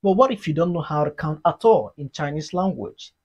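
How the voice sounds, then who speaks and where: A Mandarin teacher giving an online lesson, explaining slowly and deliberately and leading repeat-after-me drills. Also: mid-range voice, expressive, dull audio. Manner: slow, deliberate explaining, modeling sounds for learners.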